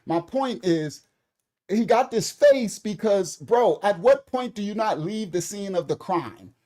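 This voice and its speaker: Man, middle-aged, high-pitched, casual commentary, animated, preachy, laughs a lot. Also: measured pace. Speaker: online commentary host.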